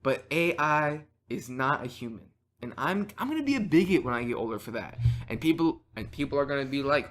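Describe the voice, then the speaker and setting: A man's voice: medium pitch, big pitch swings, fairly quick, hardly any pauses, fairly bright tone. A teenage boy hosting a casual podcast chat, playful and argumentative, rambling through hypotheticals. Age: teens. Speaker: podcast host.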